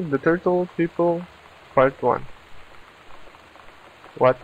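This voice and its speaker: A man's voice: a little high, highs cut off, slight background noise. Man chatting over a game. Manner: reads in-game texts aloud, stumbling and laughing at them. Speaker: let's play gamer. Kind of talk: casual gameplay commentary.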